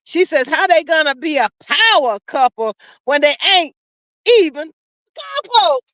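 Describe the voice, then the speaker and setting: A woman hosting a casual livestream with a high, bright voice. She drawls and reads out comments with sassy, preachy asides. The close microphone sounds dry, with almost no room around it. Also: sing-song, measured pace, dry recording. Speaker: livestream host.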